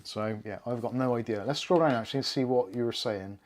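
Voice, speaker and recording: A man with a Bristol accent hosts a casual tech livestream from his desk. He chats loosely with viewers, jokes around and swears without much thought. His voice sits at an ordinary middle pitch. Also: fairly quick, a little mellow. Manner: chatty, joking and swearing freely. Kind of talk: casual live-stream chat. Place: indoors at a desk with laptop and cameras.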